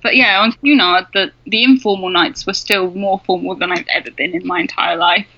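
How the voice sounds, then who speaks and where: Bright-voiced young English woman. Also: on the low side, steady tone, a little fast, no echo, dull audio. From England. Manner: chatty, laughs through stories. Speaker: guest. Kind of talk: casual interview chat.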